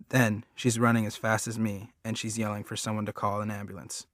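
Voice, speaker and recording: A man's voice: on the low side, flat delivery, a little fast, few pauses, a bit bright, no room sound, studio quality. A man reading a first-person story aloud as an audiobook, in an earnest, plain-spoken way. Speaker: audiobook reader.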